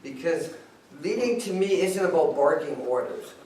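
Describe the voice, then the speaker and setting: A man's voice: a little high, lively intonation, normal speed, darkish tone. A man giving a casual, joking club speech at a meeting. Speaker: club speaker. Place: meeting room. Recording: echoey room, far off.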